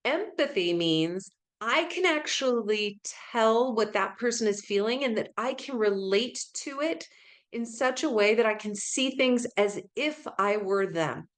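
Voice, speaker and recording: A woman's voice: a little high, lively intonation, measured pace. A woman teaches a workplace communication webinar over a video call. She keeps it conversational and greets attendees by name as she goes. Now and then she acts out a brief example to show how tone changes a message. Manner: demonstrates tones of voice in short acted examples. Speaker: webinar presenter.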